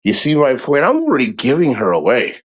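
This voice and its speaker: A man's voice: medium pitch, wildly swooping pitch, fairly quick, husky, rough recording. A middle-aged man chatting casually in a vlog, rambling and retelling a conversation with his family. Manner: rambling, repeats himself, retells dialogue. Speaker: vlogger.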